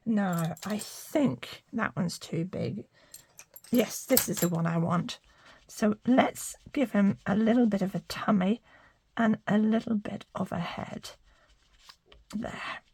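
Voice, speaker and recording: A woman's voice: medium pitch, creaky, a little hiss or hum. An older woman chatting through a card-making tutorial, talking to her viewers and murmuring little asides as she works. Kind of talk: casual craft tutorial.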